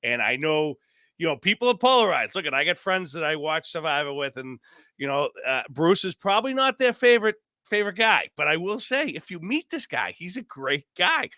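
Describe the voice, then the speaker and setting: A man telling stories on a podcast as a guest, animated and rambling, acting out quotes. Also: on the high side, brisk, no echo, clean studio sound. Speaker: podcast guest, former contestant. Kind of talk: casual storytelling chat.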